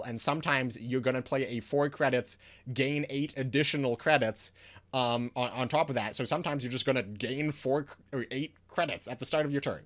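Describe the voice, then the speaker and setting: A man's voice: mid-range voice, fairly bright tone. A man giving a casual video review of a card game, ranting in frustration with lots of restarts and fillers.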